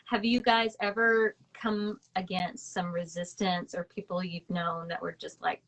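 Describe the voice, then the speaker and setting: Hesitant low-voiced woman singer. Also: little pitch movement, a bit bright, low-quality recording. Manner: halting, filler-heavy questions. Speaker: singer-songwriter. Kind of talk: casual faith talk.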